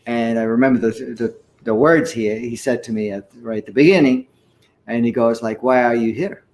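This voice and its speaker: A man in his sixties, an interview guest telling a personal story in an earnest, animated way with the odd chuckle. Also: medium pitch, moderate pace. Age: 60s. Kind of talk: conversational storytelling.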